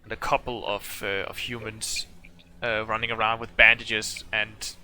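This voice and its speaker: A man's voice: lowish voice, little pitch movement, normal speed, pushed and bright. A man running a tabletop game as game master, narrating in a loose, rambling way. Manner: loose and rambling, with fillers and restarts.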